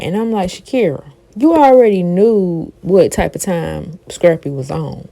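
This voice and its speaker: A woman host runs through reality show gossip in a chatty, animated telling. Her voice is gravelly with a dark, mellow colour. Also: on the low side, unhurried. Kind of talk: casual gossip recap.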